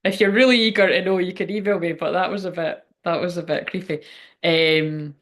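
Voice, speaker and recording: A woman's voice: lowish voice, fairly even intonation, brisk, a bit bright. A woman hosting a psychic livestream from home, chatting loosely and emotionally, swearing often and trailing off mid-sentence. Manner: rambling, emotional, swears freely, frequent laughs. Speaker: psychic medium livestream host. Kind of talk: casual livestream chat.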